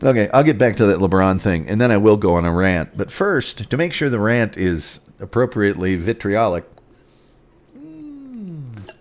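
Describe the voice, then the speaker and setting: A man's voice: on the low side, expressive, a little fast, hardly any pauses. A man hosting a casual sports show, rambling through scores with sarcastic asides. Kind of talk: casual sports commentary and rants.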